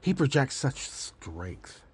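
A man's voice: medium pitch, sing-song, slow pace, husky. An older man ranting in a casual monologue, sarcastic and rambling, swearing and laughing at his own jokes. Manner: profane and angry.

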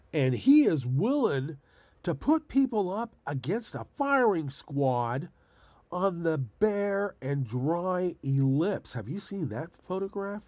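Sarcastic older man with a husky voice. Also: fairly high pitch, a little mellow, no echo. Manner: sarcastic, rambling, often laughing; profane and angry. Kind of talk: casual ranting monologue.

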